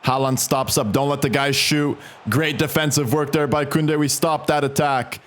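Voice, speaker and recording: A young man giving casual play-by-play commentary on his own football video game match, excited by goals and quick to vent at mistakes. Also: on the high side. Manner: excitable, swings between calm narration and frustrated outbursts. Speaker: gaming commentator.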